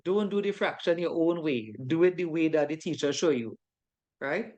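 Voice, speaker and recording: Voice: mid-range voice, normal speed, darkish tone. A course instructor giving an informal online class lecture. The instructor keeps checking in with a tag question and repeats key phrases for emphasis. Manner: informal, conversational teaching.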